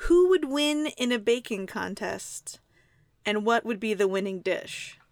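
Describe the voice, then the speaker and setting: A woman's voice: medium pitch, expressive, a little slow, dry recording. A woman hosting a casual podcast, chatty, reading out listener questions.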